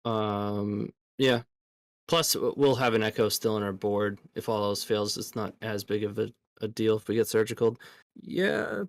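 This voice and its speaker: A man's voice: on the low side, lively intonation, a little slow, gravelly, no room sound, studio quality. A tired man discussing card game plays in a casual chat, thinking aloud in a hesitant way. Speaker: guest player in a card game.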